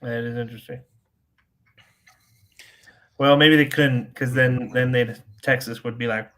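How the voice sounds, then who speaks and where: A man's voice: medium pitch, fairly even intonation, measured pace, long pauses, a bit bright. A man co-hosting a casual chat, easygoing and agreeable, often laughing along.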